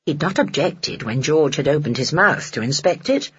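A narrator reading a children's storybook aloud in an expressive storytelling way. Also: mid-range voice, moderate pace, slightly rough, highs cut off. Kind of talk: audiobook narration.

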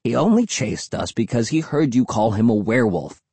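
A man's voice: medium pitch, animated, moderate pace, dark tone, husky, dry recording. A man doing an impatient, blunt boy. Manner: impatient, scornful. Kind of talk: audiobook character voice.

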